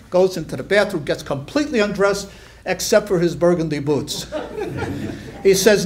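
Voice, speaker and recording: A man's voice: lively intonation, normal speed, darkish tone. Older man telling jokes on stage. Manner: voices Yiddish-flavored old couples, rising shrill for the wives. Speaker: amateur stand-up comedian. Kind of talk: stand-up joke telling. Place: community hall stage before a live audience.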